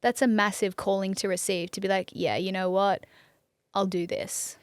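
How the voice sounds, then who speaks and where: A woman's voice: mid-range voice, fairly even intonation, moderate pace, smooth, no echo, clean studio sound. A woman hosting a podcast, asking curious questions in a loose, casual way and swearing freely. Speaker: podcast host. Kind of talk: casual chat.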